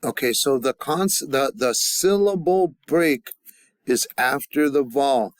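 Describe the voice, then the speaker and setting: Slow, halting man teaching a class. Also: medium pitch, lively intonation, dry recording. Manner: drills students with call-and-response repetition; halting, with many fillers and restarts. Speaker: language teacher. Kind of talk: classroom grammar lesson.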